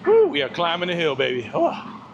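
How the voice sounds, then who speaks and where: Man, walking livestream, casual chat, slightly high voice, faint outdoor noise. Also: animated, moderate pace, muffled recording. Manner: laid-back, greets chat viewers by name. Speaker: live-stream vlogger. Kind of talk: casual live-stream chat while walking. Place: outdoors on a walk.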